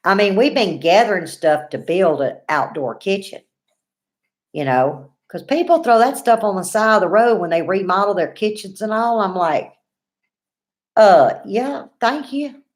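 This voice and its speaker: A woman's voice: mid-range voice, lively intonation, normal speed. A woman, in her forties, hosting a casual livestream, chatting folksy and greeting viewers by name while reading comments. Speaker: livestream host.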